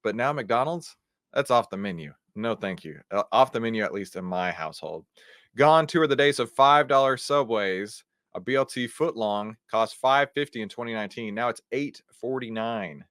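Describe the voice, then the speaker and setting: A man, hosting an energetic news commentary show, talking in an animated, incredulous, conversational way. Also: mid-range voice, normal speed, no echo, studio quality. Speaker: host.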